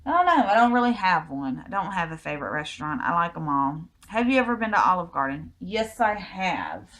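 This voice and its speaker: A woman's voice: fairly low pitch, very animated, fairly quick, fairly bright tone. An American woman with a Southern accent, answering a list of personal questions in a casual vlog with easygoing, rambling replies. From United States. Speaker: vlogger.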